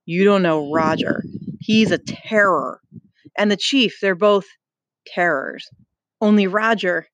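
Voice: mid-range voice, expressive, moderate pace, no echo, poor audio. A reader voicing nervous twin boys who insistently warn a friend to run in a storybook reading. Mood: urgent. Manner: hushed, insistent warnings.

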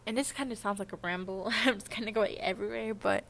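A woman's voice: medium pitch, fast talker, vocal fry, a bit bright, a little hiss or hum. A young adult woman talking in a casual, confessional vlog monologue, rambling and hesitant, with many "like" fillers. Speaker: vlogger.

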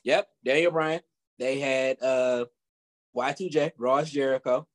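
A man co-hosting a casual wrestling podcast who rambles in an animated way. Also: medium pitch, takes it slowly. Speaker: podcast co-host.

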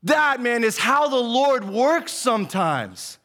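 Youngish guy preaching, really high voice, laid-back storytelling, says man a lot, earnest. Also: takes it slowly. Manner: folksy storytelling, says "man" and "dude" constantly; animated and earnest. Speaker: associate pastor. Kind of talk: casual devotional sermon.

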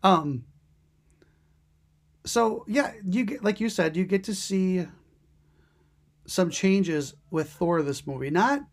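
A woman's voice: on the low side, slow pace, pauses often. Woman cohosting a podcast, casual rambly chat, lots of ums and laughing. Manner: chatty, laughs often, many ums and restarts. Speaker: podcast co-host.

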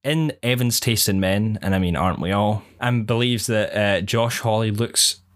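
A man's voice: lowish voice, normal speed. A man co-hosting a casual podcast, talking in a rambling, hesitant way with many fillers. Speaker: podcast co-host. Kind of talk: casual chat.

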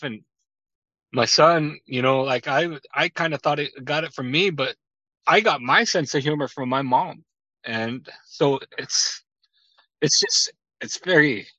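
A man's voice: medium pitch, a bit bright, dry recording. A man as a podcast guest, talking casually and from the heart, with lots of fillers. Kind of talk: casual personal conversation. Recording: dull lo-fi sound.

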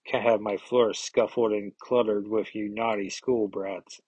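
A man's voice: fairly low pitch, level tone, a little slow, darkish tone, breathy edge, dry recording, rough recording. A man voicing a creepy male villain posing as a custodian, mocking and taunting his victim with pet names. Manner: mocking, taunting, calls victim dearie and hun.

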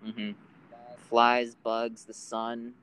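A man hosting a casual outdoor chat, joking around and laughing loudly. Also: mid-range voice, completely flat delivery, extremely slow, a little hiss or hum, low-quality recording. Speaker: host.

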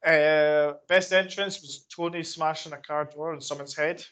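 A man's voice: fairly high pitch, steady tone, moderate pace, fairly bright tone. A man co-hosting a film podcast, reading out his award picks in short, matter-of-fact bursts with filler ums. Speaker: podcast co-host. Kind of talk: casual film-review chat.

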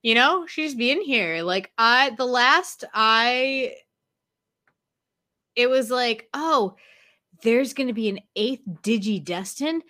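Teasing lady chatting, bright voice a bit high, swears and laughs a lot. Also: expressive, takes it slowly. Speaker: podcast co-host. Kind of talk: casual chat.

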